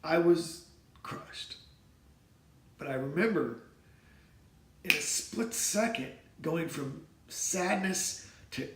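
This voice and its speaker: A man in his forties tells his own story to camera, earnest and emotional, halting and repeating words. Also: fairly high pitch, fairly bright tone. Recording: roomy echo.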